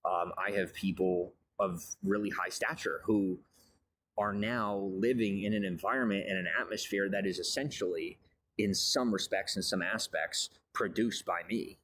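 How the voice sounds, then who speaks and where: A man's voice: sits low, fairly even intonation, moderate pace, a bit bright. A man giving a grandiose, meandering monologue about his life and advice. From raised on a farm. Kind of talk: rambling monologue.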